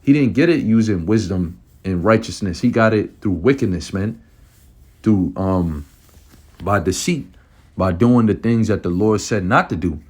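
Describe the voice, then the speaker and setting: A man's voice: lowish voice, measured pace, darkish tone, slightly rough. A man preaching on scripture in a heated, profane way, often ending phrases with "man". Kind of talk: fiery scripture study talk.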